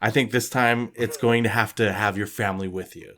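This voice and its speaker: A man's voice: lowish voice, fairly even intonation, fairly bright tone. A man co-hosting a casual podcast, talkative and full of fillers, setting up a scenario. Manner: talkative, many fillers, drops into quick put-on voices. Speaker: podcast co-host. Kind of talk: casual chat, posing scenarios.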